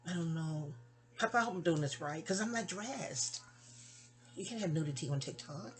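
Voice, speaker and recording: A woman's voice: fairly low pitch, expressive, fairly quick, a little hiss or hum. A middle-aged woman chats into her phone at home, telling a long personal story. She wanders off on tangents and keeps circling back to her point with casual asides. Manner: rambling, digressive and chatty, with asides. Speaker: vlogger.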